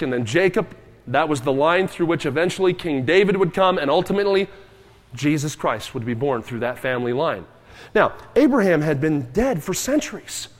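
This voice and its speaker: A man's voice: a little high, long reverb tail. A man preaching a sermon in a church, emphatic and dramatic, acting out cries and quoted voices. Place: church sanctuary.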